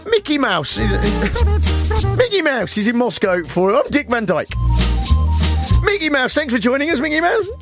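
A man's voice: very high-pitched, big pitch swings, normal speed, vocal fry, long pauses, over music, pitched above the performer's own voice, exaggerated voice. A man playing a jolly TV news presenter in an over-the-top mock cockney voice, chuckling between catchphrases. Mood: jolly presenting. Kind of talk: comedy sketch on radio.

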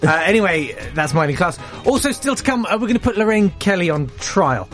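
Lively, jokey male radio host. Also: high voice, a little fast, soft background music. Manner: rambling, jokey, self-mocking. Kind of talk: casual radio chat. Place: radio studio. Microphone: studio microphone.

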